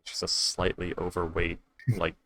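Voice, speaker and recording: A man's voice: deep voice, monotone, moderate pace, pushed and bright. A man chatting casually as a tabletop game player, rambling and joking and often correcting himself. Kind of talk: casual chat between players.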